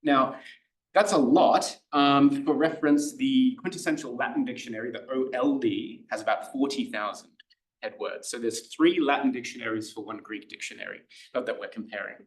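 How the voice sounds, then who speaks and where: A man's voice: mid-range voice, moderate pace. Young man lecturing in a roomy classroom. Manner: conversational, with frequent fillers and restarts. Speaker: workshop presenter. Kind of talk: informal lecture.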